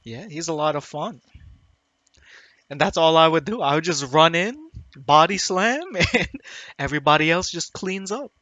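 A man's voice: on the high side, expressive, moderate pace, sharp tone, dry recording. A young man co-hosting a casual gaming podcast, giggling often and swearing casually. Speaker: podcast co-host.

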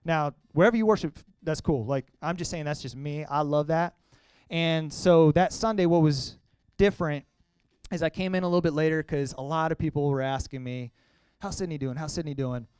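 A young man sharing a personal testimony with a congregation, talking earnestly and conversationally, sometimes halting with emotion. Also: on the high side, a little mellow, clean tone, dry recording. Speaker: church speaker sharing testimony.

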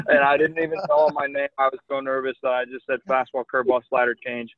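A young man, a professional pitcher, telling a lively anecdote in casual chat, full of "like" and "you know". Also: moderate pace, no echo. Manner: animated anecdote telling with many likes and you knows. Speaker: guest, pro baseball pitcher. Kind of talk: casual storytelling. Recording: tinny phone line.

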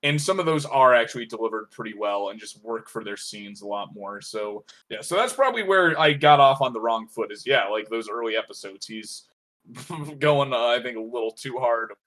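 Guy on a podcast picking apart a cartoon's voice cast, steady, lots of uhs. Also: medium pitch. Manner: measured, analytical, frequent "uh" and "like". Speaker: podcast co-host reviewing a show. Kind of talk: casual review chat.

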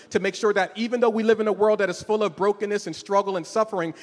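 Emotional pastor in a church hall. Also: male voice, high-pitched. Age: 40s. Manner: conversational, emotional, repeats words when starting a thought. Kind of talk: sermon.

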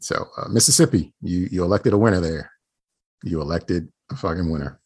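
Husky low-voiced man, dry remarks. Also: fairly quick, darkish tone. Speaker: podcast co-host. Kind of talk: casual podcast banter.

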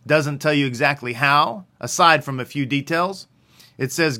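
Bright-voiced man teaching scripture. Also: on the high side, moderate pace. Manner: conversational, asks and answers his own questions. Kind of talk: religious teaching.

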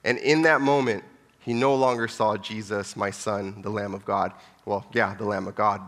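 A man preaching a sermon with passion, pleading and emphatic, dropping to hushed lines between loud ones. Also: fairly low pitch, level tone, normal speed. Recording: long hall reverb.

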